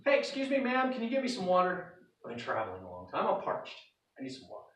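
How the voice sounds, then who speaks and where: A pushy, parched prophet who keeps asking for more, voiced by a man preaching. He pitches the voice up and sounds loud and eager. It echoes through a roomy hall and is heard from a distance. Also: expressive, normal speed. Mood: pushy, pleading. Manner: archaic pleading mixed with casual asks. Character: thirsty traveling prophet, pushy, demanding.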